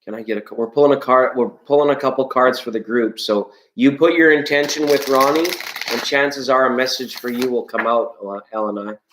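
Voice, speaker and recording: A man's voice: medium pitch, a little fast, noisy background. A chatty man hosts a late-night tarot stream, greeting viewers one by one in a loose, playful way. His mid-range voice bounces off the walls of an echoey room. Now and then he slips into singing a scale. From Canada. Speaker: live-stream tarot host. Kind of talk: casual live-stream chat reading viewer comments.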